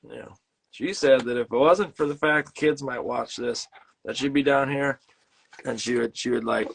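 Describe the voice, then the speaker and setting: A man's voice: mid-range voice, vocal fry, husky. Rambling joking man. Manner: rambling, joking tall-tale storytelling; halting, full of fillers and restarts. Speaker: host and illustrator. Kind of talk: casual live-stream chat while painting.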